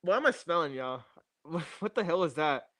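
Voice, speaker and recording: A man's voice: fairly high pitch, sing-song, normal speed, a bit bright, no room sound. Rambling young male streamer, dry sound. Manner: rambling, jokey, repeats catchphrases to chat. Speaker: livestreamer. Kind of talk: casual livestream chat. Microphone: new streaming mic.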